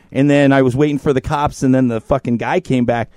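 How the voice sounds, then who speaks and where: A man co-hosting a podcast, telling a story in casual chat, animated and profane, in a podcast studio. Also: mid-range voice, brisk, hardly any pauses, no echo. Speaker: podcast co-host. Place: podcast studio in North Hollywood.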